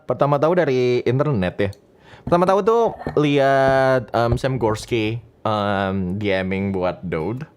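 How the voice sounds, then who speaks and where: A man's voice: normal speed, clear, resonant tone. A young man from Indonesia, chatting casually and playfully as a streamer answering viewer questions, with tiny guitar music behind him. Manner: playful, teasing, often jumps into a high excited voice. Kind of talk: casual chat. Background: faint guitar music.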